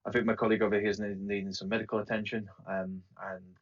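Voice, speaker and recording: A man's voice: on the low side, little pitch movement, quick pace. A man playing in a tabletop game, easygoing and a bit hesitant, on a muffled, distant voice-chat mic. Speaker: player. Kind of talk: casual tabletop play.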